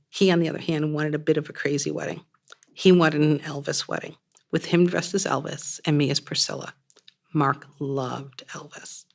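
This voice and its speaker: A woman reading her own first-person story aloud in a measured, plain storytelling manner. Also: sits low, vocal fry.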